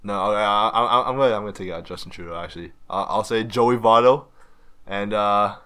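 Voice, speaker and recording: Chill young canadian dude, lowish bright voice, stumbles over words, laughs a lot. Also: male voice, brisk, clean tone. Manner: laid-back, laughs often, stammers. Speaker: guest, baseball player. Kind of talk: casual interview chat.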